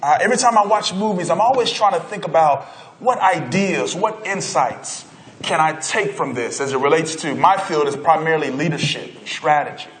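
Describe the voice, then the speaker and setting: Energetic and engaging the crowd, a man tells a story during a motivational conference keynote. He speaks on the high side at a moderate pace, and the hall sounds echoey.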